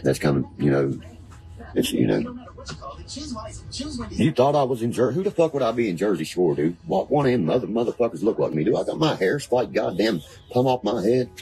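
A man's voice: lowish voice, sing-song, a little fast, warm tone, low-quality recording. A man from Virginia, rambling in casual chat, cursing freely and spinning conspiracy talk. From West Virginia. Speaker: guest. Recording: background music playing.

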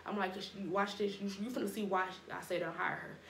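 A woman's voice: medium pitch, fairly quick, gravelly. A young woman tells a casual storytime, full of slang and acting out the other people's lines. Her voice sits in a mid register and carries a roomy echo. A faint hum of noise runs behind her. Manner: animated, slangy, acts out quotes. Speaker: storytime vlogger.

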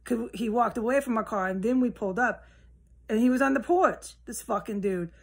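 A woman rambling alone at home in a solo monologue, swearing often and drifting between low mutters and heated outbursts. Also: brisk, breathy edge. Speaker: vlogger. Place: at home, indoors with a window open.

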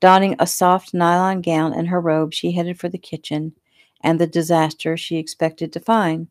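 A woman author reading her own novel aloud in a relaxed, homey way. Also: fairly low pitch, moderate pace, no room sound, studio quality. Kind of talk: casual audiobook narration.

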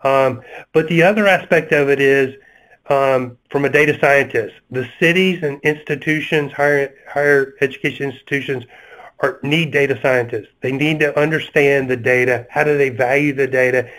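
Southern guy on a webinar panel, lots of ums and restarts, normal pitch. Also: steady tone, a bit bright, low-quality recording. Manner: halting, many fillers and restarts. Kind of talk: webinar discussion.

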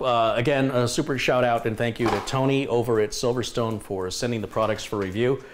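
A man's voice: mid-range voice, fairly even intonation, a little fast, few pauses, slight background noise. A man hosting a casual tech live stream, chatting enthusiastically with viewers. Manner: chatty, enthusiastic, reads viewer comments aloud.

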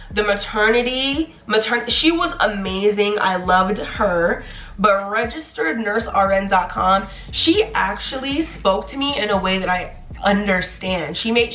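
A young woman in her twenties talks in a lively, playful way, full of warm encouragement. Her voice bounces off the walls of an echoey room. Faint music plays underneath. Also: medium pitch. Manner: animated, chatty, playful, encouraging. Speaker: nursing graduate vlogger. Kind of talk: casual advice vlog.

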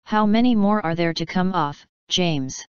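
A woman voicing a cheeky storybook centipede, a grinning male rascal who crows about himself and loves to tease. The voice is very smooth and a little low, on a slightly dull, dry recording. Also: measured pace, no room sound, lightly acted. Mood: gleeful boasting. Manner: loud, crowing, teasing.

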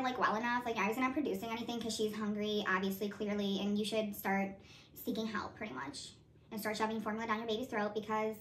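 A woman's voice: fairly high pitch, distant mic, voice pushed up, natural voice. A smug, condescending nurse, as a woman puts her on, talks down in a raised, sing-song voice. The sound is roomy and echoey, with faint noise behind. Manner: sing-song, patronizing, dismissive.

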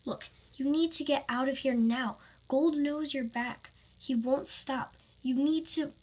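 A woman's voice: high voice, measured pace, darkish tone, voice pushed up. A woman voicing an urgent boy trapped in an animatronic, giving warnings.

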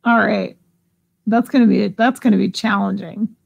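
A woman's voice: medium pitch, steady tone, normal speed, creaky, slightly rough, lo-fi sound. A woman hosting a live online auction, chatting casually and giggling as she reads out bids. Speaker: live sale host.

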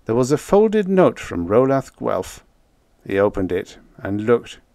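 A man narrating a vintage science fiction short story in a scripted, expressive storytelling style. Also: medium pitch, unhurried, creaky, no room sound, studio quality. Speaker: audiobook narrator.

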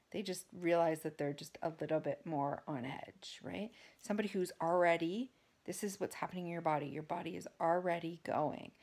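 Low, gravelly woman coach talking plainly, dropping into soft slow whispers. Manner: shifts into soft slow whispers to demonstrate calm speech. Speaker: wellness coach. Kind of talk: instructional talk to camera.

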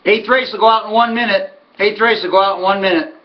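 A man's voice: sits high, fast talker, voice pushed up, close to an everyday voice. A man putting on the voice of a male racetrack announcer calling a race, in a dull lo-fi recording. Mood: announcing. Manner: rising excited race call.

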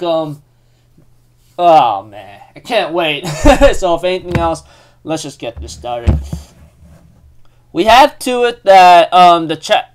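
A man's voice: fairly high pitch, clear, resonant tone. A man giving a casual, rambling chapter recap, full of fillers and restarts. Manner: rambling, filler-heavy, self-correcting. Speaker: anime recap host.

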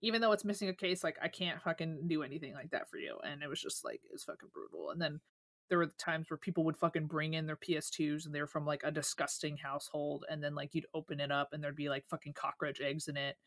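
Podcast co-host, young adult, mid pitch, dry close mic, lively and profane storyteller. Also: fast, no room sound. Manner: animated storyteller, swears a lot. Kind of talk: casual chat, storytelling.

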